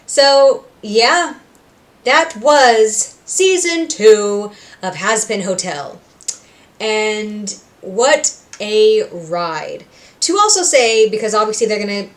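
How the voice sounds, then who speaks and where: A young woman from Puerto Rico hosts a reaction video, recapping a show in a casual, chatty way. She talks with emotion and fills her speech with likes and ums. Her pitch sits at a middling level. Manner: chatty, emotional, full of fillers.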